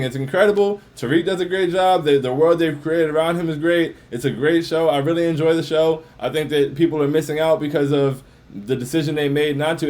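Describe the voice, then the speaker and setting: A man's voice: a little high, darkish tone. A man hosting a livestream in casual, slangy chat, repeating phrases as he talks. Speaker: livestream host.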